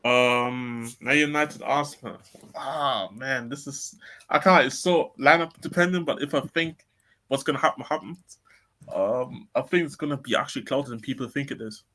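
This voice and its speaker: Rambling, laughing football co-host. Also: male voice, mid-range voice, normal speed, bright, forceful tone. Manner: rambling, laughing, loses his thread. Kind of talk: casual chat.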